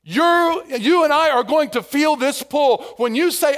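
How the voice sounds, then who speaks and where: High-voiced male pastor preaching animatedly. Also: expressive, measured pace, few pauses. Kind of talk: sermon.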